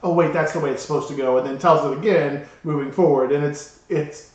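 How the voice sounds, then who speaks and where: A man co-hosting a podcast, telling an embarrassing story in an animated way and laughing through it. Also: on the high side, fairly quick, highs cut off. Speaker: podcast co-host. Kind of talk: casual storytelling chat. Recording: roomy, distant mic with background noise.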